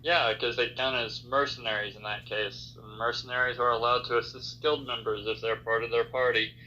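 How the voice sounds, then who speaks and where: Bright-voiced man game master. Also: mid-range voice, flat delivery, a little fast, highs cut off, a little hiss or hum. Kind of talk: ruling on game rules.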